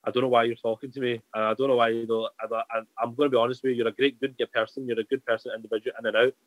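A podcast guest, a man, talks quickly in a loose, candid ramble, circling back on his own points. His voice is dry and close, with no room around it. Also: mid-range voice, level tone, dry recording, narrow, tinny audio. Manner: rambling, candid, restarts a lot. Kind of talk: casual chat.

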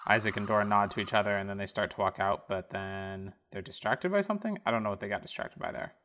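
A man's voice: fairly low pitch, quick pace, pushed and bright. A man hosting a let's-play podcast who chats casually while narrating the game on screen. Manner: chatty, narrates the game dialogue aloud. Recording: noisy background.

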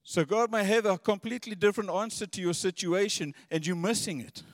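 A man's voice: sits high, brisk, dry recording, studio quality, long reverb tail. A man preaching a sermon in an earnest, conversational way, often repeating his words.

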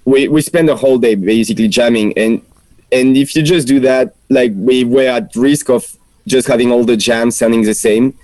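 Relaxed French-accented male musician. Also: mid-range voice, normal speed, dry recording, rough recording. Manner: relaxed, thoughtful, hesitant with fillers. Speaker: musician guest. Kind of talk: casual interview chat. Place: outdoors in his backyard.

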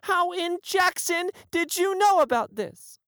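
A man voicing a furious goddess woman, shrieking in a very high voice in a comic story. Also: animated, measured pace, bright, forceful tone, no echo, studio quality, full character voice.

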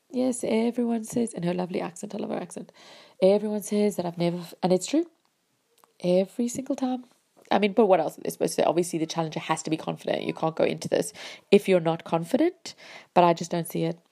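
Woman chatting about fights, low gravelly voice, lots of ums. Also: dark tone. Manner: chatty, thinks aloud with many fillers and hedges. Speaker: MMA podcast host. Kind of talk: casual fight recap and predictions.

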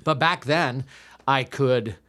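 Telling a self-deprecating story with frequent restarts, a fifty-something American improv comedian chats casually as a podcast guest. His pitch is medium, his tone sharp, and he takes it slowly.

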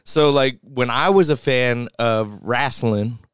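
Crisp-voiced man in profane banter. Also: medium pitch, takes it slowly, no room sound, studio quality. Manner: loose, profane, laughing banter. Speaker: podcast co-host. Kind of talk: casual chat.

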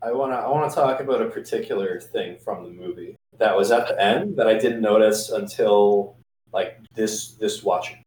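A man's voice: fairly low pitch, moderate pace, darkish tone. A man hosting a casual discussion, steering the talk back on track. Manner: steers talk back to the topic, laughs easily. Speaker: podcast host. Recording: roomy, distant mic, faint ambience.

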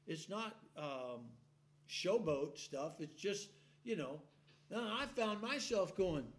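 Pitched high and moving at a moderate pace, a male preacher tells his sermon in an animated, homespun way. He laughs often as he plays the part of a congregation shouting back.

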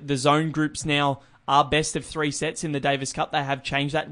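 A man's voice: on the high side, a bit bright. A young man hosting a casual sports chat, rambling with frequent restarts. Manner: rambling, many restarts and "look" fillers. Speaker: podcast host.

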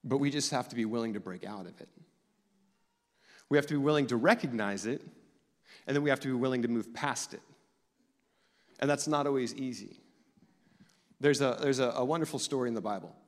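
A man's voice: mid-range voice, fairly quick, long pauses. A man pastor preaching a sermon in a casual, storytelling way with many restarts. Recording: long echo of a church hall.

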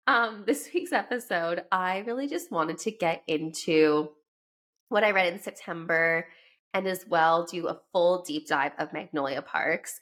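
A woman's voice: on the low side, fairly bright tone. A young Canadian woman hosting a casual book podcast, chatty and laughing as she drifts into tangents, speaking while sick with a cold. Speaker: podcast host.

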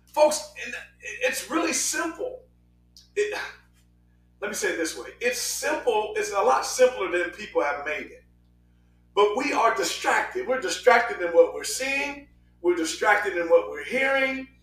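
A man preaching a sermon in an animated style, rushing through quick asides and breaking into sudden shouts. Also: high voice, echoey room, recorded from a distance, low-quality recording.

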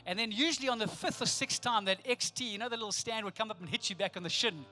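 A middle-aged South African man with a high, bright voice delivers a sermon as pastor. He tells funny stories and throws playful asides to the congregation. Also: fast talker, faint music behind. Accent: South African English.

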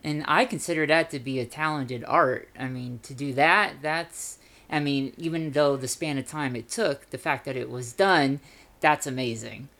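A co-host joins in softly during a casual interview, sounding admiring. The voice sits at a middle pitch and stays quiet. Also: moderate pace.

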